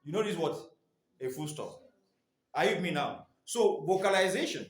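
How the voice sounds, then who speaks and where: A man's voice: a little high, expressive, moderate pace. A man teaching staff in a training session, leaving his sentences open for the class to finish. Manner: quizzing listeners with fill-in questions. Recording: echoey room.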